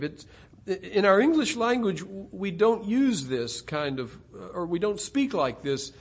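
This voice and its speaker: A middle-aged man preaching an expository sermon, slow and deliberate, rising to loud emphatic stresses. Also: high voice, animated, slightly rough.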